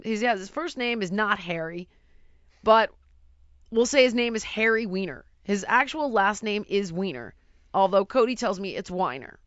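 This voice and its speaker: A middle-aged woman telling a story in casual chat, animated and exasperated, acting out sounds and voices. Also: medium pitch, no room sound, highs cut off.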